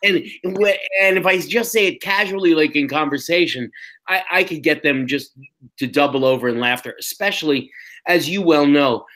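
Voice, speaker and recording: A man's voice: fairly high pitch, moderate pace, bright, forceful tone, rough recording. An older man with a New York accent, co-hosting a casual podcast chat in a rambling, self-interrupting way. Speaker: podcast co-host and teacher.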